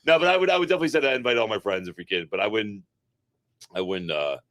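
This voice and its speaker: A man's voice: on the low side, rapid-fire, fairly bright tone, no room sound. A man co-hosting a podcast in casual chat, rambling with restarts and swearing freely. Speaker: podcast co-host.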